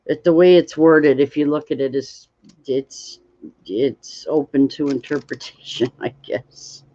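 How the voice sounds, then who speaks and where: Sleepy slow-talking woman streamer. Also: low-pitched, fairly even intonation, mellow. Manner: slow, rambling, reads chat aloud. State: tired, yawning. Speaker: livestream host. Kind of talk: casual livestream chat while crafting. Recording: dull lo-fi stream audio.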